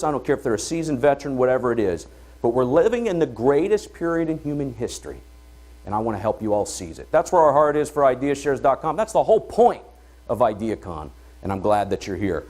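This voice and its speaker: Animated man giving a keynote. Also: medium pitch. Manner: emphatic, folksy, swings between loud pushes and quiet drops. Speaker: conference speaker. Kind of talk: motivational keynote talk.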